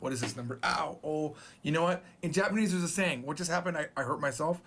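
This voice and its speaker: A man's voice: a little high, fast talker, a bit bright. A man teaching a casual Japanese numbers lesson, playful and joking as he goes.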